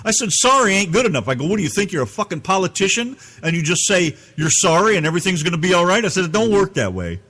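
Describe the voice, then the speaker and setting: A man's voice: high voice, sing-song, fast talker, hardly any pauses, pushed and bright. A man from the United States telling an angry, profane story as a podcast co-host. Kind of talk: ranting storytelling.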